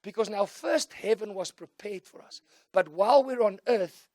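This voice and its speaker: High-voiced South African preacher. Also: male voice, moderate pace, dry recording, clean studio sound. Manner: switches between soft storytelling and loud call-and-response shouting. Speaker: pastor. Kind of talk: sermon.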